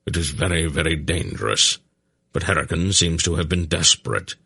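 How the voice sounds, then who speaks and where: A man's voice: very deep voice, animated, moderate pace, gravelly, sharp tone, husky, no echo, full character voice. A man as a dry, shrewd old sorcerer. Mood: measured. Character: ancient shrewd male sorcerer. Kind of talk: audiobook character voice.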